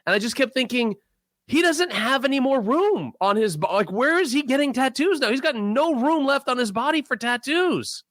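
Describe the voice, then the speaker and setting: A man's voice: very high voice, lively intonation, normal speed, fairly bright tone, no echo, studio quality. A middle-aged man co-hosting a podcast, ranting sarcastically in profane casual chat. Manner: ranting, sarcastic, swears a lot. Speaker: podcast co-host.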